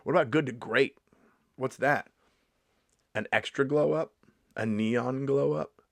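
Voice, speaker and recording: A man in his fifties riffs through a comedy vlog monologue in a sarcastic, mock-indignant tone, swearing freely along the way. His voice sits at an ordinary middle pitch. The sound is dry and close, with no room echo. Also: unhurried, vocal fry. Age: 50s.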